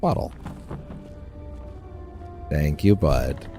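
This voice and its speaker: A man's voice: rumbling low, animated, extremely slow, vocal fry, warm tone, faint music behind. A man casually commenting as he streams a game, rambling and often restarting his phrases.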